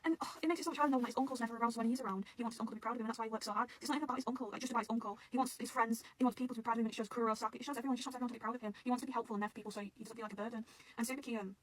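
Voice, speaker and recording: Rapid-fire excitable woman gushing. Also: fairly high pitch, slight background noise. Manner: excitable, rambling, swears often; gushing and emotional. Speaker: manga reaction vlogger. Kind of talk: casual reaction chat.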